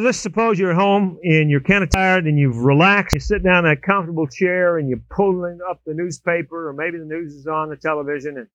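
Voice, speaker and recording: A man preaching a sermon, telling humorous everyday stories with animated swings in pitch and loudness. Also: no echo. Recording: dull, lo-fi dry recording.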